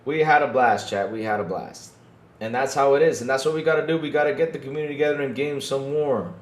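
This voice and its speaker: This podcast host has a mid-range voice and a fast delivery. He runs a casual gaming show in a relaxed, chuckling way, repeating himself a lot and ending lines with "though," all recorded in an echoey room.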